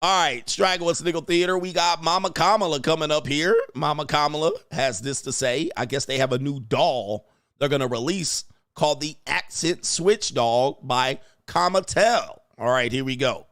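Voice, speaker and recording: A man hosting a reaction stream, commenting in a brash, mocking way with a steady "all right.". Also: on the high side, moderate pace. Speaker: host.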